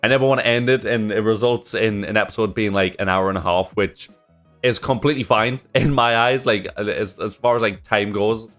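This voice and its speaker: A man with a lowish voice chats casually to his viewers as he hosts a reaction video, rambling and apologising as he goes. Faint music sits underneath. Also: fairly quick, fairly bright tone. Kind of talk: casual chat to camera.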